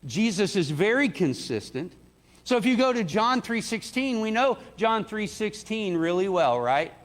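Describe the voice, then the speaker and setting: A preacher's voice makes big pitch swings at a moderate pace as he talks conversationally through a sermon, acting out quoted lines with rising pitch. It echoes with church hall reverb in the sanctuary.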